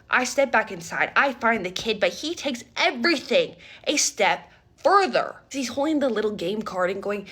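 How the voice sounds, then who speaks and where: Young woman, breathy, slightly high voice, animated storytime vlogger. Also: moderate pace. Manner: animated, dramatic retelling with repeated "okay?". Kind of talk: casual storytime vlog.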